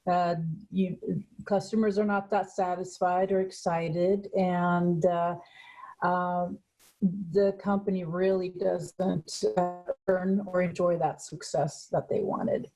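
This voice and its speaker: A woman from San Francisco presenting as a guest speaker in a webinar over a video call, telling a story at an unhurried pace with frequent pauses. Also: lowish voice, level tone, dark tone, poor audio. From San Francisco, USA. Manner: unhurried storytelling, pausing often.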